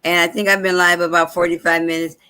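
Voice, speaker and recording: A woman's voice: fast talker, smooth. A woman from hosting a casual live talk show from home, telling stories animatedly and laughing often. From Chicago, USA. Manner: animated storyteller with big pitch swings, laughs often. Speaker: host and minister.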